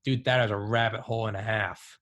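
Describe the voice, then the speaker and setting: Fairly quick and on the low side, this man in his thirties hosts a casual podcast talk. He's an animated storyteller whose speech is full of "dude" and "like."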